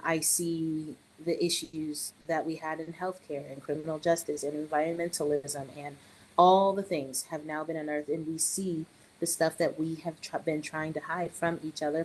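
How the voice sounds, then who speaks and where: A middle-aged woman and early childhood educator, chatting on a podcast in an animated way with joking asides. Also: low voice, moderate pace, rough recording. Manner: animated, joking asides, quotes others in raised voice. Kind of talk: casual podcast conversation.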